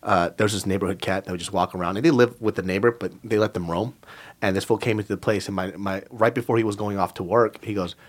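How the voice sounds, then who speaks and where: A man's voice: fairly low pitch, quick pace. A man in his thirties, a podcast guest, telling loose, profane stories in casual chat. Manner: profane animated storytelling.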